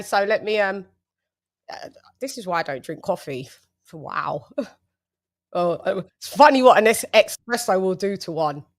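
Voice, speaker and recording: Woman, livestream host, casual chat, playful, sing-song introductions. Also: medium pitch.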